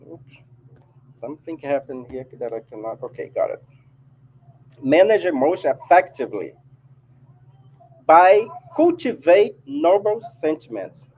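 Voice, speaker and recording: A man's voice: fairly high pitch, very animated, unhurried, pauses often, darkish tone, poor audio. A man with a Brazilian Portuguese accent giving a casual spiritual talk to an audience, often adding "right?". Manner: chatty, keeps asking "right?". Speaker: spiritist speaker. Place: meeting hall of a spiritist society.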